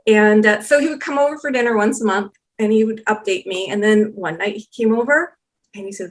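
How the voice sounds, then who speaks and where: A woman's voice: mid-range voice, brisk. A woman guest on a podcast, telling a long personal story in casual chat and acting out the exchanges she recounts. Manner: animated storyteller, acts out quoted exchanges. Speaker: documentary filmmaker guest.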